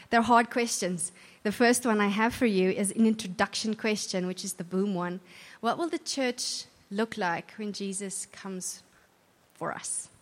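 A woman giving an earnest, conversational church talk, often restarting her sentences. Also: medium pitch. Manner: earnest, warm conversational preaching with self-corrections. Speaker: church speaker. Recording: long hall reverb.

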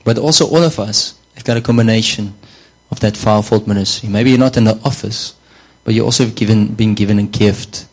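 A man's voice: on the low side, brisk, darkish tone, poor audio. A man preaching a sermon in a conversational way, often repeating words and saying "you know".

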